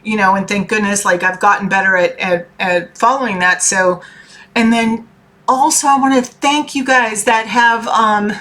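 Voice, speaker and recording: A woman's voice: medium pitch, steady tone, moderate pace, a bit bright. A woman, a tarot reader and life coach, giving a chatty, earnest motivational talk to her viewers. She keeps checking in with "okay?" and swears casually. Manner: earnest and heartfelt.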